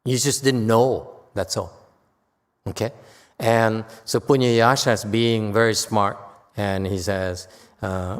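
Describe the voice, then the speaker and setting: A man's voice: lowish voice, steady tone, takes it slowly. A man teaching a Buddhist dharma lecture in a chatty, joking way that keeps checking in with the audience. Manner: chatty, often checks in with "okay?"; joking asides. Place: temple lecture hall. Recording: long reverb in a hall.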